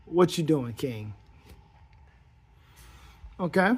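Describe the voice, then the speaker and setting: Male toy reviewer, casual and rambly, a bit high-voiced. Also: expressive, drawn-out words, a little hiss or hum. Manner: rambling and playful, thinks aloud while posing the figure. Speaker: toy collector reviewing action figures.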